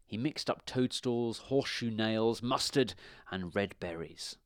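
A man reading a children's storybook aloud with expressive delivery. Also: lowish voice, unhurried, no room sound, clean studio sound.

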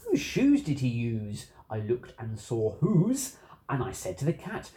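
A reader narrating a children's rhyming picture book aloud, expressive and rhythmic. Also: mid-range voice, unhurried. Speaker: storybook reader.

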